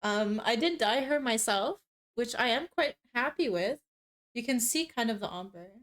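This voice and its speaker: A woman's voice: fairly high pitch, animated, a little slow, fairly bright tone. Giggly rambling woman streamer. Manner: giggly, rambling storyteller with frequent laughs and fillers. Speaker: cosplay streamer. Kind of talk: casual live-stream chat. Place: home room while crafting. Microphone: streaming setup.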